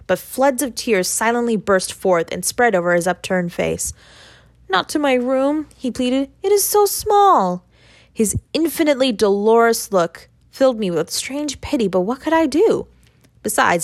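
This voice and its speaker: A woman's voice: mid-range voice, expressive, normal speed, dry recording. Woman reading a classic tale, dry sound. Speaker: audiobook reader. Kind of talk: audiobook narration of a classic story.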